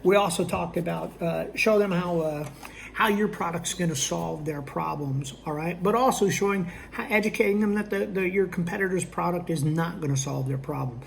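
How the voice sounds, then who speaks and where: A man's voice: sits high, moderate pace, gravelly, a little hiss or hum. A man teaching a sales technique in a conversational way, checking in with his listeners as he goes and acting out both sides of a sales conversation. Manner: conversational, checks in with "okay?" and "all right?". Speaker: sales trainer. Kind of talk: instructional talk.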